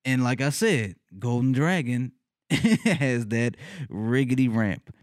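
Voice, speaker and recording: A man casually telling a funny personal story, cursing freely, laughing often and leaping up in pitch when he retells his reactions. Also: animated, slow, clean tone, dry recording, clean studio sound. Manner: laughs often mid-sentence.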